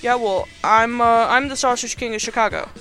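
A man putting on a smug teenage boy, brash and taunting, voice pitched up bright and high. he sounds pleased with himself. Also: normal speed, faint music behind. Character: smug cocky teenage boy skipping school.

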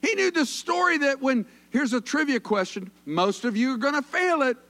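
Pastor, man, folksy joking sermon, high animated voice. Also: normal speed. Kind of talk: conversational sermon.

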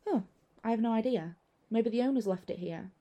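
A woman voicing a calm, reassuring young husband. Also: a little high, a little fast, muffled recording, pitched above the performer's own voice, natural voice. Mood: gentle. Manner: reassuring, easygoing. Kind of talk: storytelling narration.

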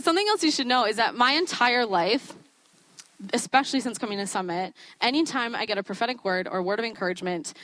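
A woman's voice: mid-range voice, fairly bright tone, no room sound. Young woman, student preacher, chatty sermon, laughs often, dry recording.

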